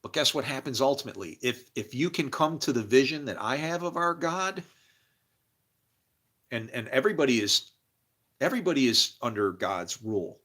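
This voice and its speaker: A man on a livestream, preaching in a rambling religious monologue, swinging from murmurs to loud bursts and laughing between phrases. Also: medium pitch, animated, moderate pace.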